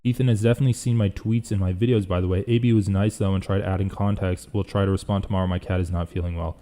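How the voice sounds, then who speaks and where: A man's voice: low voice, steady tone, quick pace, dark tone. A young man hosting a casual live reaction stream, rambling and thinking aloud as he reads chat.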